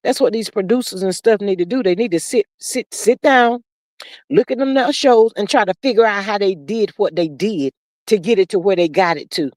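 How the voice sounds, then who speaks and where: A woman's voice: mid-range voice, a little fast, darkish tone, no echo, clean studio sound. A woman hosting a casual livestream, chatting and gossiping in a sassy drawl, reading viewer comments aloud and calling everyone "child" and "honey.". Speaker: livestream host. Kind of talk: casual gossip chat with live chat readers.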